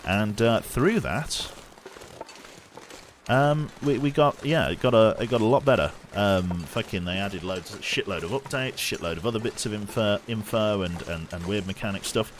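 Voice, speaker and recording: Deep-voiced English man streaming a game. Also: normal speed, a little hiss or hum. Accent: English, non-regional. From Birmingham area, England. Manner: chatty, relaxed, thanks viewers between game narration. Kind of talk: casual gameplay live-stream commentary.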